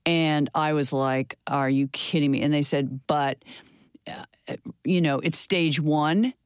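A woman's voice: deep voice, steady tone, slow, smooth, no room sound, studio quality. An older woman, a guest in an interview, telling her personal story in an earnest, candid way with many fillers and restarts.

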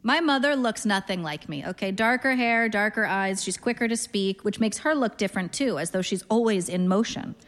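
A woman in her thirties reading a literary story aloud in a dry, deadpan first-person voice. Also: mid-range voice, normal speed, few pauses, big-room sound. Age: 30s. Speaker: narrator, reader.

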